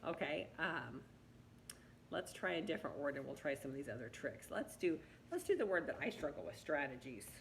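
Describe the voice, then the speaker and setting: A woman giving a patient one-on-one reading lesson, gently coaxing her student to sound out words. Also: low voice, very animated, normal speed, vocal fry, a little hiss or hum, rough recording. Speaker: reading teacher.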